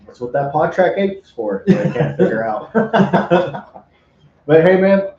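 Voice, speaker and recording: A man hosting a podcast, telling a story in an animated way, laughing often and swearing in casual chat. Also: high-pitched, slow, vocal fry, slight background noise. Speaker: podcast host. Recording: roomy, muffled sound.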